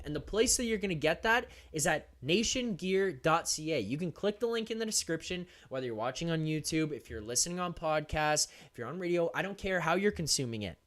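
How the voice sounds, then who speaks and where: A young man hosting a live sports stream, talking fast and animated straight to his viewers, often laughing. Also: on the high side. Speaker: host of a hockey post-game live stream. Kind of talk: energetic live-stream chat.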